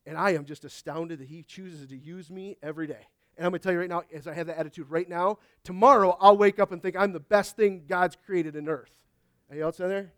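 A man's voice: high-pitched, fairly even intonation, fairly quick, fairly bright tone, dry recording, clean studio sound. A man, a pastor, preaching a conversational sermon at a church service, reading scripture aloud and often asking the congregation "Amen?". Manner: reads scripture aloud in old biblical wording.

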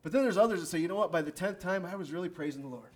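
A male preacher delivering a sermon in church, his voice sitting a little high for a man. He tells stories, reads scripture slowly and pushes his listeners with emphatic, rising calls to praise. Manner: emphatic, rising to loud exhortation.

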